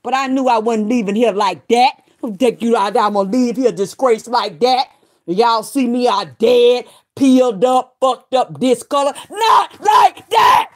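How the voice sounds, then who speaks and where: A woman's voice: fairly high pitch, moderate pace, a little mellow. A middle-aged woman ranting on a livestream, defiant and profane, hammering her points home with repeated emphatic declarations. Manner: defiant, swearing, preaching.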